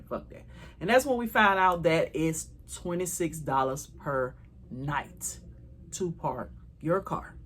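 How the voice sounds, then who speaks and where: A woman telling a travel story to her viewers in a casual, animated way, swearing freely. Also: fairly low pitch, slightly rough.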